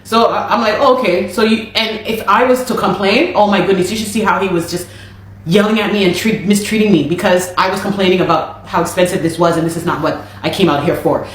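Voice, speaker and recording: A woman's voice: medium pitch, brisk. A Canadian woman telling her own story in a casual, exasperated way, repeating herself as she goes. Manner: animated, exasperated retelling with repeated phrases. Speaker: interviewee. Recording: echoey room.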